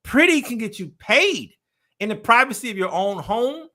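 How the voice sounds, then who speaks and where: A man's voice: very high-pitched, sing-song, normal speed, bright, forceful tone. A man hosting a casual podcast chat, ranting emphatically with a lot of swearing. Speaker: podcast host.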